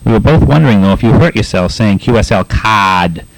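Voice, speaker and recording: A low-voiced man with a Boston accent hosts a pirate radio show, reading listener letters in a loose, chatty way. He stumbles through with many uhs and laughs easily. The sound is close and dry. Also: animated, a little fast, creaky, no echo, low-quality recording. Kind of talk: casual on-air chat reading listener letters.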